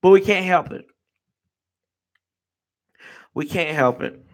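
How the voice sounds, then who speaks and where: A man's voice: high voice, slow. A man hosting a sports fan show, ranting with fired-up, profane energy and talking to viewers as y'all. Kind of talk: live-stream rant.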